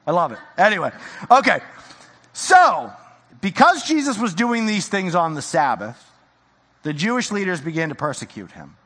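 A man preaching a sermon in a casual, animated way, slipping into slang and acting out the people in the story. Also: high-pitched, normal speed, husky, big-room sound. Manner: animated, casual slang, acts out quoted voices. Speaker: pastor.

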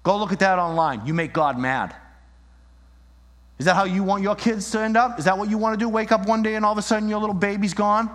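A man preaching a sermon, animated, acting out little scenes and shifting his voice as he argues. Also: high voice, fast. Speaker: pastor. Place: church. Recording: long reverb in a hall.

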